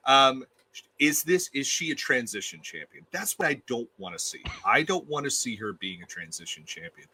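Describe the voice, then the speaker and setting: A man's voice: mid-range voice, big pitch swings, normal speed, bright, forceful tone, a little hiss or hum. A man appearing as a guest reviewer, talking in an emphatic, opinionated way and often repeating himself. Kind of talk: casual opinionated chat.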